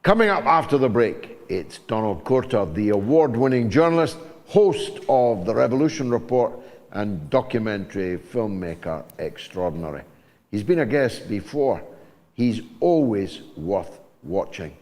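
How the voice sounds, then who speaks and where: A man's voice: fairly low pitch, sing-song, a little slow, darkish tone, in a large hall. An older man from Scotland hosting a talk show, delivering monologue and links with emphatic, oratorical force. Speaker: show host.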